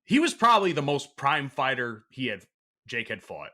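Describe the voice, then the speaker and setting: A man co-hosting a podcast, talking sports in animated, opinionated casual chat. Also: medium pitch, normal speed. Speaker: podcast co-host.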